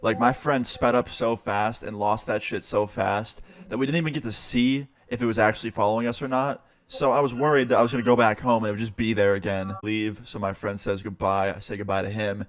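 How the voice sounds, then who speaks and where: A man's voice: fairly low pitch, fairly even intonation, fairly quick, few pauses, dry recording. A young man, a streamer, casually telling a story and swearing now and then. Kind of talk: storytime narration.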